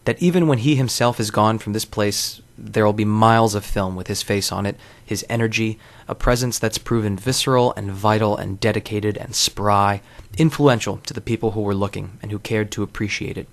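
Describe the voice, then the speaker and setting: A man hosting a podcast, reading wordy, wry essays in a deadpan way. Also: fairly low pitch, fairly quick, vocal fry. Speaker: podcast host. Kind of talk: scripted essay narration.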